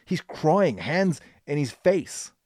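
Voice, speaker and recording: Animated male podcast storyteller. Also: a little high, takes it slowly, no echo, clean studio sound. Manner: animated, emphatic retelling. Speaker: podcast host. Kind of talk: business history storytelling.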